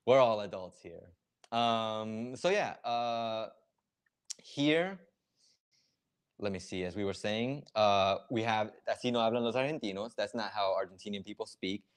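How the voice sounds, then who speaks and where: A man with a fairly low voice talks casually on a live reaction stream. He explains slang step by step and leans on filler words as he goes. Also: clean tone.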